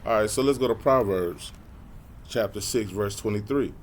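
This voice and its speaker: A man with a fairly low voice leads a scripture lesson, reading verses slowly and deliberately. Between readings he talks loose and conversational, with a faint hum of room noise behind him. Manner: casual, repeats verses slowly, adds "man" and "y'all". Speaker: Bible teacher.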